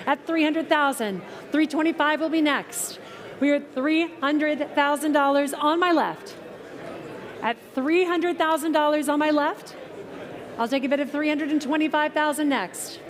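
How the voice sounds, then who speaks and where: High-voiced playful woman auctioneer. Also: a faint crowd. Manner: brisk, playful patter with the bidders. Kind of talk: live auction calling. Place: auction tent at an outdoor car show.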